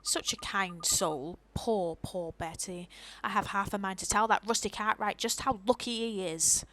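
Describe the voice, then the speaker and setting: A woman's voice: mid-range voice, steady tone, unhurried, a bit bright, slight background noise, lightly acted, poor audio. A woman voicing a kindly, gossiping old woman neighbor in a video game, fussing and sympathetic. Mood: gossipy.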